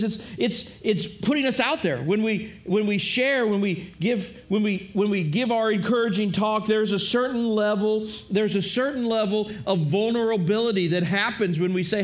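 A man's voice: sits high, normal speed, few pauses. A man preaching a sermon in an earnest way, often repeating words and speaking directly to his listeners. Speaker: pastor.

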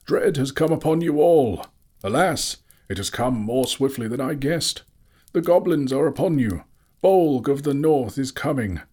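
A man voicing a stern, commanding old male wizard with booming, urgent warnings in an audiobook. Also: animated, a little slow, darkish tone, husky. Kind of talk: audiobook character voice.

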